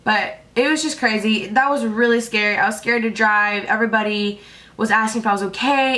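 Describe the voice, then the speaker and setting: A teenage girl vlogging at home late at night, her voice sitting a little high. She rambles through her stories in a breathless, casual way and leans on filler words. The feel is a personal chat straight to the camera. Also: brisk, pushed and bright. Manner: chatty, filler-heavy, breathless retelling.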